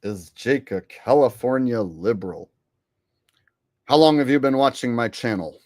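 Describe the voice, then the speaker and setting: A man hosting his own livestream, chatting in a rambling, blunt way with plenty of swearing. He talks slowly and drawls, and his voice sounds dry and close. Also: medium pitch, expressive, a little mellow, no room sound. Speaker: channel host. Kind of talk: casual livestream talk.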